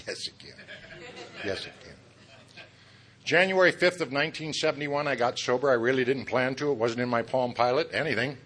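A middle-aged man tells his story at a recovery meeting, turning his own failings into jokes. His voice is bright and forceful, and he keeps chuckling at his own lines. He throws asides straight at the listeners. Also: mid-range voice. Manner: talks straight to the audience with asides. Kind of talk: humorous personal testimony.

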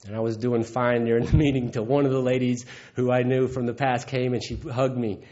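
A man's voice: mid-range voice, level tone, fairly quick, dark tone. Candid man telling his recovery story. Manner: earthy, candid, acts out quoted voices. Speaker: recovery meeting speaker. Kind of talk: personal testimony storytelling. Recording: dull lo-fi recording.

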